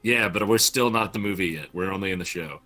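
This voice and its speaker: A man playing a tabletop game, joking in relaxed banter. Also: deep voice, fast talker, faint music behind. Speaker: player. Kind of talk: casual tabletop game chat.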